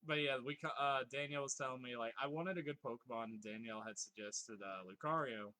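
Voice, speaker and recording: Bright-voiced man streaming a game. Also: medium pitch, quick pace. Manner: swears freely, laughs often, joking exasperation. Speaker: live streamer. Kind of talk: casual gameplay commentary, reading chat aloud.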